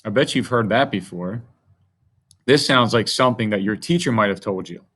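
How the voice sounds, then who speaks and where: A man's voice: lowish voice, normal speed, fairly bright tone. A man teaching a grammar lesson to young children, speaking in a patient, friendly way.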